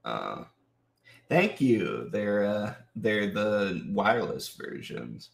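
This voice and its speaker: A man hosting a live autograph signing, chatting casually and greeting viewers by name, slightly sick so his voice sits a little deeper than usual. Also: very animated, takes it slowly, vocal fry. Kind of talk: casual livestream chat.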